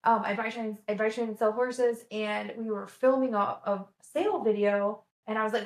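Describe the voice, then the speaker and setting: A woman telling a casual, animated story as a vlogger, full of "like" fillers and acted-out quotes. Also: a little high, brisk, few pauses. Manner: chatty, animated, lots of "like" fillers, acts out quotes. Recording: echoey room.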